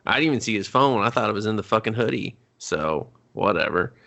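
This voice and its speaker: A man co-hosting a movie podcast, recapping the plot in a profane, jokey way with quick put-on quotes. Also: on the low side, expressive, vocal fry, pushed and bright. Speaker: podcast co-host. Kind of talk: casual movie recap chat.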